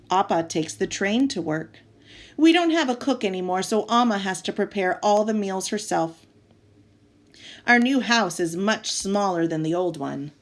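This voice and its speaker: Woman narrating a children's audiobook. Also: medium pitch. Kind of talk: first-person audiobook narration.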